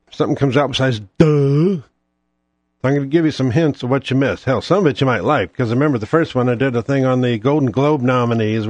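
A man's voice: medium pitch, darkish tone, no room sound. A man hosting his own show alone, ranting in a profane, sarcastic, rambling way. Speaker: podcast host. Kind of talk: ranting solo monologue.

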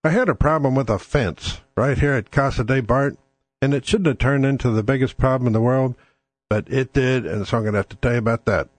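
Medium in pitch and fairly quick, his voice carries no echo. He's a podcast host on his own talk show, swearing freely as he talks casual politics in a blunt, combative style.

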